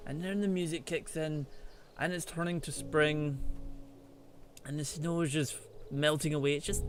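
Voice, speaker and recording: A man's voice: fairly high pitch, a little slow, pauses often, soft background music. A man giving chatty, playful let's play commentary, teasing the animals in the game as he plays. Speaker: gaming channel host.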